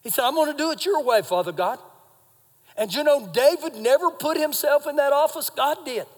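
A man preaching live in a church hall, his voice very high for a man and ringing with long reverb. He swings from shouting to hushed, confiding retellings of scripture. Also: animated, moderate pace. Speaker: pastor. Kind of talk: sermon. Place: church sanctuary.

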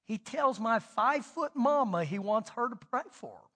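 A middle-aged man preaching a sermon as pastor, telling stories and swinging between loud and hushed delivery. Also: very high-pitched, expressive, moderate pace, big-room sound.

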